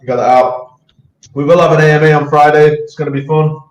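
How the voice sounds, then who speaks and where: A man's voice: on the high side, level tone, quick pace, lo-fi sound. A man with a British accent hosting a casual community chat, talkative, with many restarts and easy laughs. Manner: chatty, repeats words, laughs easily. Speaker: project team member hosting community AMA. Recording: echoey voice chat.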